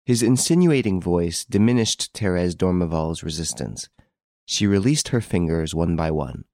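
A man narrating a classic novel as an audiobook, in measured, expressive storytelling. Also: deep voice, no echo, studio quality.

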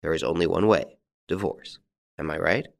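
A man playing a calm, masterful gentleman rescuer, courteous and commanding. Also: sits low, moderate pace, creaky. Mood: probing.

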